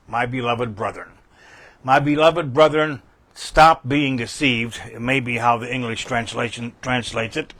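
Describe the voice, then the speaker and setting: A man's voice: mid-range voice, a little slow, a bit bright, no echo. An older man teaching a Bible passage verse by verse, folksy and emphatic, repeating key phrases.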